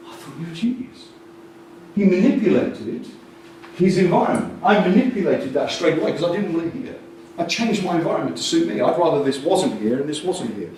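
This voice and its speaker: Lively man speaking in an echoey hall. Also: a little high, a little fast, a little hiss or hum. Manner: lively, jokey, acts out quotes in voices. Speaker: conference speaker. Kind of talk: animated keynote talk. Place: conference hall with audience. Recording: distant mic in an echoey hall.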